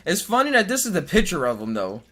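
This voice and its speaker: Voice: mid-range voice, huge pitch swings, fast, bright, forceful tone. A podcast host in casual chat who jokes, laughs often, reads articles aloud and stumbles over words.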